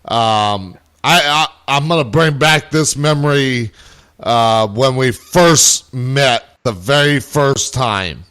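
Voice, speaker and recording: A man hosting a casual chat, recounting a ghost investigation in a halting way with restarts. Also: medium pitch, fairly bright tone.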